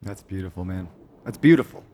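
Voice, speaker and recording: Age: adult. Sex: man. Role: podcast host. Delivery: fast and lively, with a swinging pitch. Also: slight background noise. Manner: agreeable, quick back-channel replies. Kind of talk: casual interview chat.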